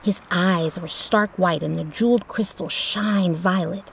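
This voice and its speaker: A woman reading a storybook chapter in a steady, expressive narration. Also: lowish voice, a little slow, vocal fry, slight background noise. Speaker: audiobook narrator.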